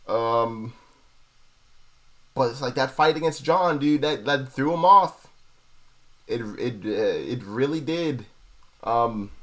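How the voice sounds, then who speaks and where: A young man hosting a casual fight analysis, profane and excitable, repeating himself and tossing in bro and dude. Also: mid-range voice. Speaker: MMA analysis host.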